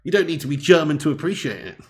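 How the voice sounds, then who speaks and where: Very animated and quick, a man with a higher voice hosts a live football watch-along. He jokes around, laughs often, and chats with viewers between commentary.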